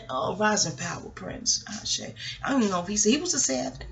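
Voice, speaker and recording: A woman's voice: mid-range voice, fast talker, crowd noise. A woman podcast host and astrologer talking in a rambling, digressive chat, swearing freely. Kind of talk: casual chat.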